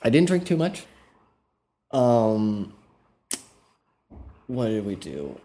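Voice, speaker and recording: A man's voice: mid-range voice, sing-song, drawn-out words, dark tone. A man co-hosting a podcast, telling stories in a loose, rambling way with lots of filler words. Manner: rambling, easygoing, filler-heavy storytelling. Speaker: podcast co-host. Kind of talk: casual chat.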